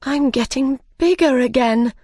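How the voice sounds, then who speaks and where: A woman voicing a puzzled, outspoken young girl who speaks in a high, exclaiming voice. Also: unhurried, warm tone, no echo, studio quality.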